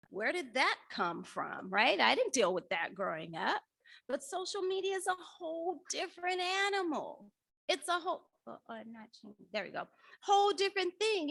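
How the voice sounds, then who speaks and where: Middle-aged woman workshop speaker, animated storyteller, dry close sound. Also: high-pitched, creaky, no echo. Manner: animated storyteller, acts out dialogue with her daughter. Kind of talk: conference workshop talk.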